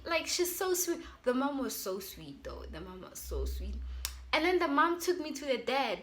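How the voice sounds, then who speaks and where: Telling a casual storytime, this young South African woman speaks with an accent and chats animatedly with her YouTube viewers. Her voice is high-pitched and lively, at a normal speed.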